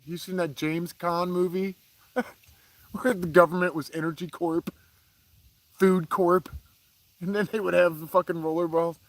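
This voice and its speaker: A man of around forty hosts a raw, profane rant, dropping to low grumbles and then climbing into heated bursts. His voice sits fairly high for a man. It sounds close and dry, with no room ring at all. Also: level tone, measured pace, long pauses, no echo. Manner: profane, heated, swinging from low mutters to raised outbursts. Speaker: podcast host. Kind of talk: casual ranting monologue.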